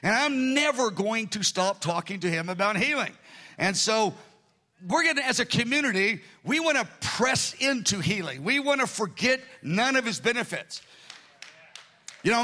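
An expressive pastor in his sixties sermonizes at a moderate pace, his pushed, bright voice inclined to strain. He speaks earnestly and conversationally to the congregation, breaking into sudden pitch rises.

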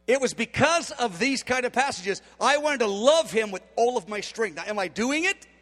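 High-voiced man preaching in an echoing hall. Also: expressive, normal speed, a bit bright. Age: 50s. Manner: emphatic, acts out dialogue in quotes. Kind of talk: sermon. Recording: long hall reverb.

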